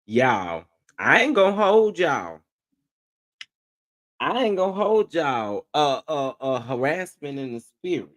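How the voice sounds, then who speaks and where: A man's voice: on the high side, sing-song, slow pace, fairly bright tone. A man hosting reaction commentary, incredulous and amused, laughing often as he talks. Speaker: commentary host.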